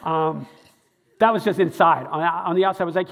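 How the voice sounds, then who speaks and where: A man's voice: a little high, brisk, creaky, big-room sound. A man, a stage show producer, telling a rambling live anecdote to a crowd with many fillers and restarts.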